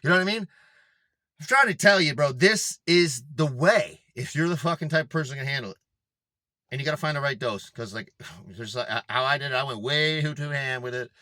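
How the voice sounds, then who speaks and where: A man's voice: mid-range voice, expressive, fairly quick, bright, forceful tone, no echo. A young man in a casual monologue to camera, talking in a rambling, emphatic way full of swearing and filler words. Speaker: fitness vlogger.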